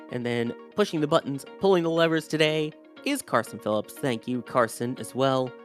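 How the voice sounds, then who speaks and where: A man's voice: mid-range voice, normal speed, faint music behind. A man hosting a live rocket launch stream, chatting casually, reading out viewer messages and thanking the crew.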